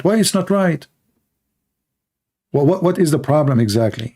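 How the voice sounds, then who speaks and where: A man's voice: on the high side, lively intonation, normal speed, warm tone, husky. A middle-aged man hosting a live-streamed religious debate, speaking blunt, mocking English with broken grammar and piling up rhetorical questions. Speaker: debate show host.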